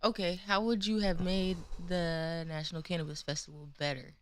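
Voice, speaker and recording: A woman co-hosting a casual morning livestream talk show, softly putting short questions to her partner. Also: on the low side, level tone, moderate pace, a little hiss or hum.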